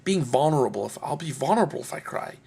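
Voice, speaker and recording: A man's voice: mid-range voice, lively intonation, quick pace, creaky, mellow, slightly rough. A man talking earnestly and heartfelt to camera in a personal vlog. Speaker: video blogger.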